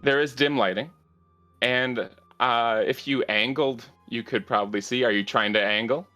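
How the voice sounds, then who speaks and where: A man narrating a tabletop game as game master, measured and halting with fillers. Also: mid-range voice, sharp tone, faint music behind.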